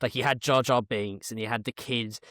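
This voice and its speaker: A man co-hosting a casual podcast, chatting in rambling asides and reacting quickly. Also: medium pitch, fairly even intonation, a bit bright, no echo, clean studio sound. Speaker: podcast co-host.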